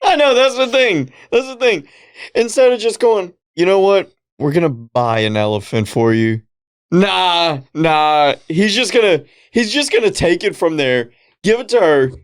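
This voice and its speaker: A man's voice: sits high, lively intonation, a little slow, smooth. A man co-hosting a podcast in casual film chat, laid-back and joking, laughing often. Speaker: podcast co-host.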